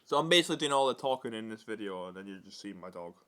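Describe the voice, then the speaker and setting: Rambling young man, lively pitch. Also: racing, smooth. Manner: rambling, with many restarts, scolding and cooing at the dog. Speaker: vlogger. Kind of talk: casual vlog chat with his dog.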